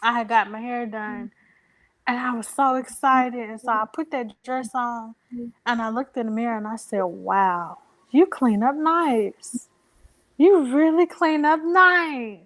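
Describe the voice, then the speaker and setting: Emotional young woman, higher voice. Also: little pitch movement, fairly bright tone. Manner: emotional, halting, many fillers. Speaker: interview guest. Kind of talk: personal storytelling.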